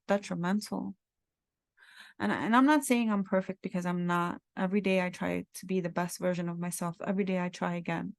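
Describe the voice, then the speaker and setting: On her podcast, a thirty-something woman reflects in a heartfelt, earnest, meandering style, circling back to repeat herself. She has a mid-range, darkish voice with vocal fry, captured in a dry, studio-quality recording.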